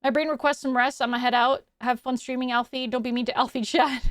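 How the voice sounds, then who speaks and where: A chatty woman hosting a casual live stream, with a high voice and a bubbly, upbeat way of answering her viewers. The sound is dry and close, with no room echo. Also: fairly even intonation, quick pace, hardly any pauses, clean tone. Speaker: VTuber streamer.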